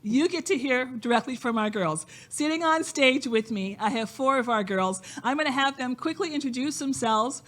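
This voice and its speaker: A woman's voice: high voice, lively intonation, normal speed, hardly any pauses, fairly bright tone. A woman who founded a youth program gives an emphatic, inspirational speech from an event stage, repeating phrases for emphasis. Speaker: nonprofit founder speaking at a fundraiser. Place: event stage with a live audience.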